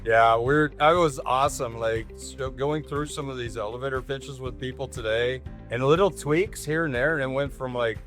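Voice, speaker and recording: A man's voice: mid-range voice, normal speed, hardly any pauses, fairly bright tone, faint music behind. A man co-hosting a workshop, chatting in an enthusiastic, loose way. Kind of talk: casual chat.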